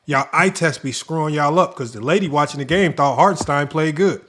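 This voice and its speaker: A man's voice: on the high side, brisk, fairly bright tone. A man who coaches basketball, co-hosting a casual sports talk show, telling stories animatedly with lots of laughter and swearing. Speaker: basketball coach and podcast co-host.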